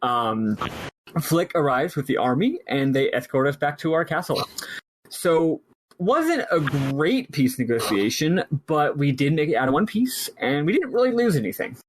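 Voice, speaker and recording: A man's voice: fairly high pitch, sing-song, moderate pace, slight background noise, poor audio. A man hosting a casual podcast who recaps a game in a loose, rambling way with lots of fillers. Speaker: podcast host.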